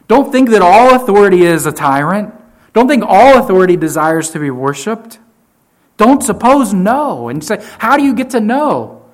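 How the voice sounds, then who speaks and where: A man preaching a sermon to his church, emphatic, often repeating key phrases and swinging from loud to quiet. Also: high-pitched. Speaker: pastor.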